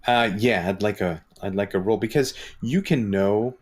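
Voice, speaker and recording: A man narrating as dungeon master, describing scenes in an unhurried way with frequent fillers. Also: on the low side, husky. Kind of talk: narrating a tabletop game.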